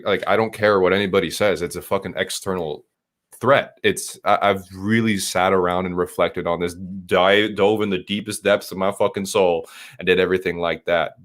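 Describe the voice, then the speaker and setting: A man's voice: low-pitched, fairly bright tone. A young man from Southern California, a co-host talking in an intense, rambling, profane way. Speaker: podcast co-host. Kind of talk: casual chat.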